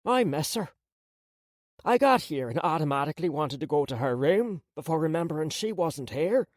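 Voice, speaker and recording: A man voicing a sharp-tongued, wry and bossy old grandmother in an audiobook. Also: high-pitched, very animated, measured pace, dry recording, studio quality, pitched above the performer's own voice. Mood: tender.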